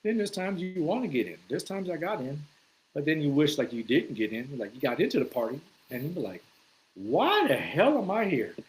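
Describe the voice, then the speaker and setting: A man with a voice sitting a little on the high side tells stories to camera. He speaks in a loose, conversational way, swears freely and acts out his own reactions along the way. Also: lively intonation, a little fast, darkish tone, low-quality recording. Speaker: vlogger. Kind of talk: casual storytelling monologue.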